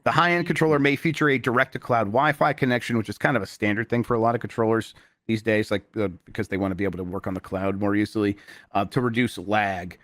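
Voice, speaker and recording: Male podcast host, relaxed delivery, dry close sound. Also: on the low side, fast talker, dry recording. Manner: relaxed, laughs often, many fillers. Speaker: podcast host reading news. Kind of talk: casual panel chat.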